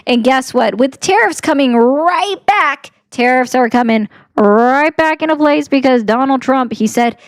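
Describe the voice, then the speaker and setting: A woman political commentator arguing and lecturing, talking fast in bursts. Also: high voice, expressive. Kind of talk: argumentative commentary.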